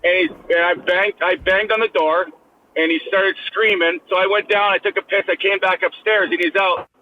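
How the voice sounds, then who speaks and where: A man's voice: high-pitched, steady tone, normal speed, narrow, tinny audio, a little hiss or hum. A man who is a guest on a podcast, bluntly retelling a fight story in casual chat with a lot of swearing. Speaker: guest, former hockey player.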